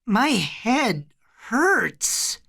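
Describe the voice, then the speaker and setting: A reader voicing a small, terrified young boy with a high, thin, trembling voice in a storybook reading. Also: big pitch swings, drawn-out words, gravelly, pushed and bright, husky, exaggerated voice. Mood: frightened.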